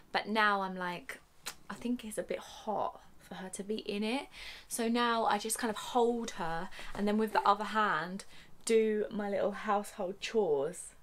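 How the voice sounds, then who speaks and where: A woman chatting casually to camera at home as a vlogger and new mother, laughing often. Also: mid-range voice. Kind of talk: casual vlog chat to camera. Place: at home, indoors.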